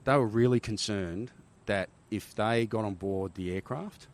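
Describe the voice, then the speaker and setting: A middle-aged Australian man, a former army helicopter pilot, telling animated stories in a casual interview, often checking in with "right?". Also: on the low side, measured pace. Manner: animated war-story telling, frequent "right?" tags.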